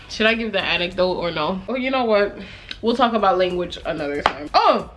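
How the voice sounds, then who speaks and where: A woman's voice: medium pitch, moderate pace, fairly bright tone. A young woman reading her diary aloud and reflecting on it in a casual, chatty way, laughing often and acting out the people she quotes.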